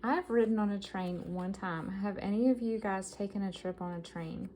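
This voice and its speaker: Showing off her vintage yard-sale haul, this Southern American woman reads the items aloud with real enthusiasm in a casual, chatty way. She speaks at a moderate pace in a warm, mid-range voice. She's a vintage collector vlogger, and the low-quality recording has a slight hiss or hum.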